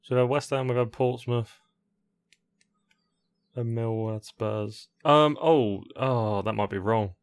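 A man's voice: medium pitch, measured pace, pauses often. A man playing a casual football quiz as a contestant, hesitating with frequent ums. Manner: hesitant, fills with ums, laughs easily. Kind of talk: casual chat.

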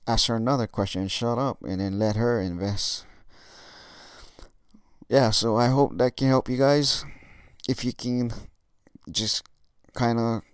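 A man's voice: mid-range voice, smooth, dry recording, studio quality. A young man giving casual dating tips in a monologue, swearing often and using lots of fillers. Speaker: dating coach vlogger.

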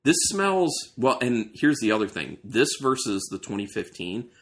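A man's voice: mid-range voice, sing-song, moderate pace. A man hosting a casual beer tasting, describing aroma and flavor as he thinks aloud. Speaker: beer reviewer host.

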